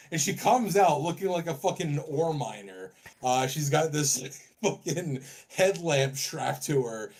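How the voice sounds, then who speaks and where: Male podcast co-host, mid-pitched, swears freely, rambling storyteller. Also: a little mellow. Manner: swears often, tells stories at length. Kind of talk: casual podcast chat.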